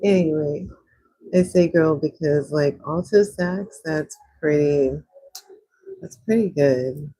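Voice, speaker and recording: A young woman chats on a livestream as she swatches watercolors, reading out and answering viewers' comments. Her voice is husky and mellow and sits a little low. Now and then it leaps up high with excitement. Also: takes it slowly, low-quality recording. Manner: chatty, reads out and answers chat comments; animated, jumps into high squeals of excitement. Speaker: livestream host. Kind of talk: casual chat while swatching watercolors.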